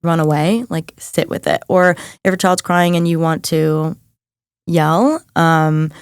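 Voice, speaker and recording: Low-voiced woman coach chatting casually. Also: fairly even intonation, slow pace, smooth, no room sound, studio quality. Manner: chatty, fills with "like", earnest and encouraging. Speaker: guest, mindset and nervous system coach. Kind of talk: casual podcast chat.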